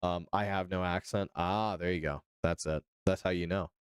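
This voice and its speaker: A young Arizona man runs a casual political livestream, reading articles aloud and chatting with viewers, answering them by name. His low, clear, resonant voice keeps a fairly even intonation at normal speed, with loose, profane asides. The recording is dry and studio-clean.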